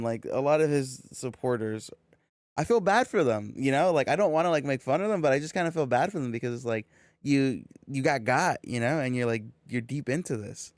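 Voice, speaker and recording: A young man from California telling a rambling story on a podcast, full of swearing and quoted back-and-forth. His voice sits at an ordinary middle pitch. The sound is very dry and close, with no room around it. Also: animated, moderate pace, a little mellow, no room sound. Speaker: podcast co-host. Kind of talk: casual storytelling chat.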